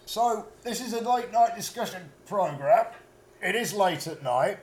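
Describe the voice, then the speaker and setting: A British man with a rather high voice that swings animatedly up and down. He rambles through an improvised comedy chat, tripping over his words while claiming to know everything. He is talking from a motorway service station. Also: lively intonation, unhurried, a little mellow. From Britain. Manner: rambling, stumbling, mock-confident. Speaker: podcast co-host.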